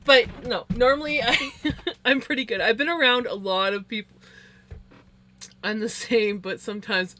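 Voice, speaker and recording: A woman's voice: on the high side, moderate pace, long pauses, sharp tone. A woman with a Canadian accent, chatting casually on a live stream while she spins yarn, rambling with lots of fillers and frequent laughs. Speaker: livestreamer.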